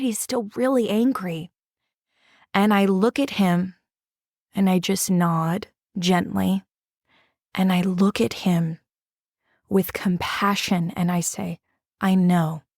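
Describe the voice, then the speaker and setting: A woman hosting a podcast, telling a personal story in an earnest, gentle way and guiding listeners through breathing and reflection. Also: medium pitch, no echo, clean studio sound. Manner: gentle, earnest, with guided breathing prompts and frequent "right?". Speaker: podcast host and drama therapist.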